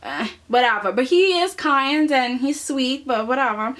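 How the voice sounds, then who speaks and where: A woman's voice: high voice, lively intonation, moderate pace, a bit bright. A woman casually recapping a soap opera episode, sassy and chatty, with mock voices for the characters.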